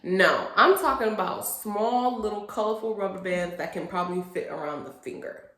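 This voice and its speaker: A woman in her late twenties from a Haitian family, telling a personal story in an animated, expressive storytime vlog. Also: mid-range voice, normal speed. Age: late 20s. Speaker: vlogger. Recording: roomy echo.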